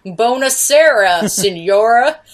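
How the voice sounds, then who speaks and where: A woman's voice: a little high, expressive, takes it slowly. A woman voicing a male cowboy hero, putting on a joking, hammy mock Italian accent.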